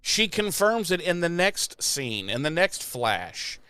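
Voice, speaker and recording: Animated man, smooth clear voice. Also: a little high, slow, dry recording. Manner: animated, acts out quotes in exaggerated voices. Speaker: podcast co-host. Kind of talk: casual profane recap chat.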